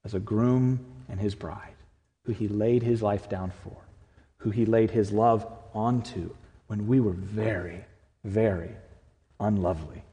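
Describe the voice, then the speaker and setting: A man preaching a sermon in a church, earnest and swinging from loud emphasis to hushed, quiet lines. His voice is mellow and dark. It rings out with the long reverb of a big hall. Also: fairly low pitch, steady tone, unhurried. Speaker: pastor. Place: church sanctuary.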